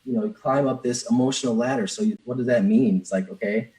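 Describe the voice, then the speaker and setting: The audio is poor as a male business coach, guesting on a podcast, shares a personal story in an interview. He speaks fast in a mid-range, dark-toned voice, earnest and open, with frequent restarts and plenty of "man."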